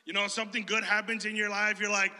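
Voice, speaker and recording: Delivering a sermon to his congregation in a church hall, a Chicago man speaks quickly in a high voice, keeping things animated and conversational with jokes and stories.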